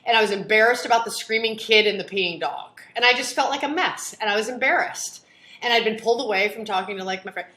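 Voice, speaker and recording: Animated storytelling woman, bright voice. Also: quick pace, reverberant. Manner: animated, acts out quotes with sharp jumps in pitch and volume. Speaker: podcast co-host. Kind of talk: casual storytelling.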